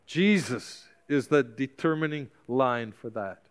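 A man's voice: mid-range voice, expressive, takes it slowly, clear, resonant tone. A male pastor preaching a sermon with passion, urging and exhorting his congregation with repeated calls.

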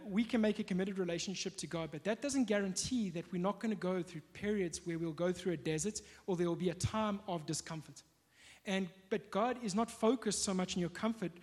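A man preaching a sermon in a conversational way, often pausing on fillers and restarting his sentences. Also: sits high, a little mellow. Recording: long hall reverb.

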